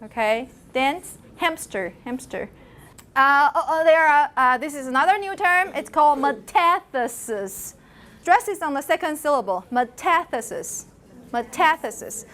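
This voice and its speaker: High-voiced woman lecturing. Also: normal speed. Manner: lively, questions students, models sounds aloud. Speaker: university lecturer. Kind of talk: classroom lecture on phonology. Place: lecture classroom.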